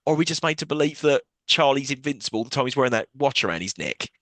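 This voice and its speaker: A man's voice: medium pitch, lively intonation, fast talker, a bit bright, dry recording. Male co-host, sarcastic recap chatter, dry sound. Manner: swearing, recaps plot with sarcastic asides and jokey quoted voices. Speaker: podcast co-host. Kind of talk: casual film recap chat.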